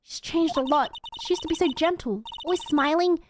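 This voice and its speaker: A woman voicing an earnest young woman who speaks softly and apologetically. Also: high voice, fairly quick, noisy background, voice pushed up, close to an everyday voice. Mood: worried.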